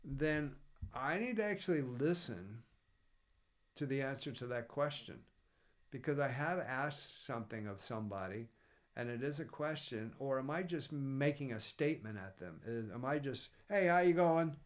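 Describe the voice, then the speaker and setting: Man co-host, earnest and rambling, mid-pitched everyday voice. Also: expressive, moderate pace. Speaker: podcast co-host. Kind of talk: casual reflective chat.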